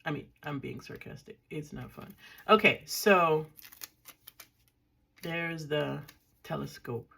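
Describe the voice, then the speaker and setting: Older woman, low gravelly voice, casual crafting vlogger who thinks aloud and jokes dryly at herself. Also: takes it slowly, long pauses, sharp tone. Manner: chatty, thinking aloud, dry self-mocking. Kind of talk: casual crafting show-and-tell.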